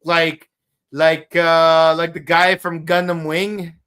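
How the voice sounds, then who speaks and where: Male podcast co-host, slightly high voice, unhurried, excitable tangents. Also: clean tone. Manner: excitable, rambling trivia tangents. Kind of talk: casual chat.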